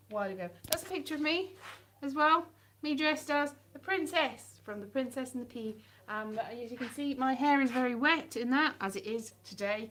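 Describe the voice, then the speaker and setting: A woman's voice: fairly high pitch, fairly bright tone, a little hiss or hum. A young woman chatting casually and wryly in a vlog, filming on a handheld phone inside her parents' house. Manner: chatty, wry, self-mocking. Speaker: vlogger.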